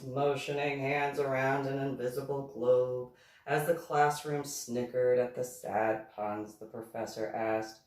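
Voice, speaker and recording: A woman, an author, reading her own novel aloud slowly and deliberately. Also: fairly even intonation, a little mellow. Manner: slow, deliberate reading with a wide pitch swing. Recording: echoey room, far from mic.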